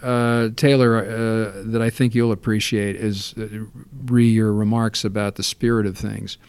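A man recalling past film work in relaxed, rambling storytelling, full of fillers and restarts. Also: medium pitch, gravelly, clear, resonant tone, dry recording. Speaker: interview guest.

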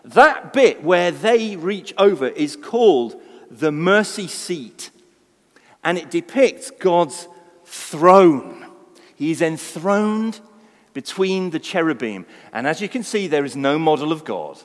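A man preaches in a large church, his slightly high voice rising and falling with lively, expressive emphasis. His sermon moves from hushed, low stretches to loud, exclaimed lines. A long reverb hangs on every word. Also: slow. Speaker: pastor.

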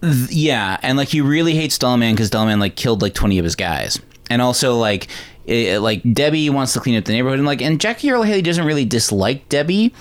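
A man's voice: mid-range voice, expressive, a little fast. Man rambling through a movie recap. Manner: rambling, lots of "like" and "um". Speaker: podcast host. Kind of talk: casual movie-recap chat.

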